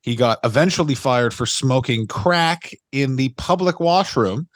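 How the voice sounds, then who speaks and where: A man co-hosting a podcast in casual chat, animated, swearing and quoting people in his anecdotes. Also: mid-range voice, a little slow, dry recording, clean studio sound. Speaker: podcast co-host.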